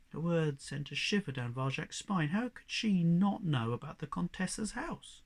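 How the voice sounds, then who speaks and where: A man reading a children's novel aloud as narrator, measured and expressive. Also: on the high side. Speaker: audiobook narrator. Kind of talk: storybook narration.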